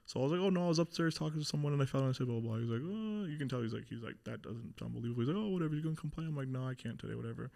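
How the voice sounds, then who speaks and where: A man's voice: mid-range voice, steady tone, rapid-fire, vocal fry, few pauses, dark tone. A young man speaking as a podcast guest, telling a hard personal story in a casual, candid way with lots of fillers and swearing.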